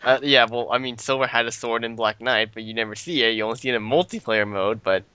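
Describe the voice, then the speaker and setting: Young guy chatting casually, bright voice, dry sound, keeps restarting sentences. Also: mid-range voice, fast talker, smooth, no echo. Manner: rambling, restarts sentences, mocking voices for game characters. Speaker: podcast co-host. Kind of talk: casual chat.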